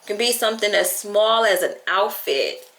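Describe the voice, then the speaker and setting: A woman's voice: mid-range voice, animated, moderate pace, a bit bright. Tearful, heartfelt woman vlogging in an echoey room. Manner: tearful and heartfelt, close to crying; chatty, lots of "like" and quoting herself. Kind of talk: emotional talk to camera.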